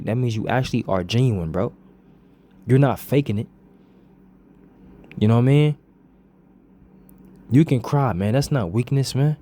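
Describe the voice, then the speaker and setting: Earnest man with a mellow voice. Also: medium pitch. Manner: earnest, repetitive, peppered with "bro" and "you know what I'm saying". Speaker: vlogger. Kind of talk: casual motivational monologue.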